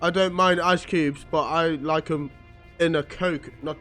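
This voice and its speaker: A man reading a comic aloud, voicing a gruff, hairy young male brawler who grumbles and snaps. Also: a little high, fairly even intonation, unhurried, bright, forceful tone, faint music behind. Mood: grumbling. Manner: grumbling, testy.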